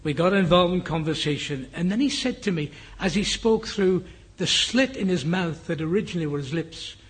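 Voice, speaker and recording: Earnest older English preacher, husky voice. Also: male voice, high-pitched, lively intonation, normal speed. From England. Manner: earnest, drops to a hushed whisper for the dying man's words. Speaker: guest preacher. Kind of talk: sermon with a personal story.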